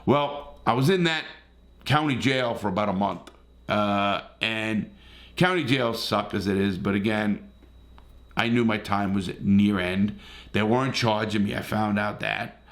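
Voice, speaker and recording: A man's voice: lowish voice, measured pace, a bit bright. Blunt, profane male storyteller. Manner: blunt, profane, heated retelling; frequent restarts and stumbles. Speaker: host, ex-convict storyteller. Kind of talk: casual storytelling monologue.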